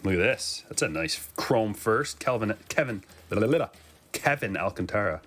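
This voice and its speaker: A man's voice: on the low side, expressive, moderate pace, fairly bright tone. A man hosting a live trading card break, chatting casually and joking with viewers while he opens packs. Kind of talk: casual live-stream commentary.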